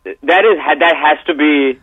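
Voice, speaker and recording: A man's voice: fairly high pitch, measured pace, narrow, tinny audio. A male caller ranting at the hosts of a radio show and mocking them. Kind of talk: call-in rant on a radio show.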